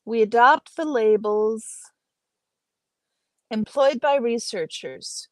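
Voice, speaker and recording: A woman with a fairly high voice reads aloud slowly and carefully. Now and then she stops to chat with the viewers watching her live stream. The sound is dry and close, with no room echo. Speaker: livestream host reading aloud. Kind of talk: reading an academic paper aloud and chatting with viewers.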